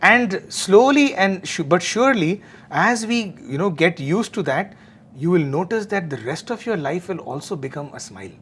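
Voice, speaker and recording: A man talking earnestly about meditation and cheerfulness, often pausing with fillers. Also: sits high, lively intonation, a bit bright, slight background noise. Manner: earnest, frequent fillers and restarts. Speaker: devotional talk speaker. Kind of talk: conversational spiritual talk.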